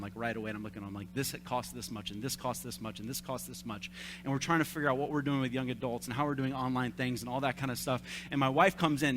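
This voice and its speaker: A man in his thirties, a young adults pastor, giving a conversational sermon with animated, self-deprecating stories. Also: medium pitch, noisy background. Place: church service.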